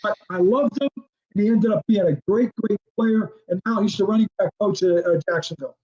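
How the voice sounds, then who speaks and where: A man's voice: high voice, a little fast, dull audio. An older man, a former football coordinator, telling a story as an interview guest and acting out the dialogue. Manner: animated storyteller, acts out quoted dialogue, laughs often.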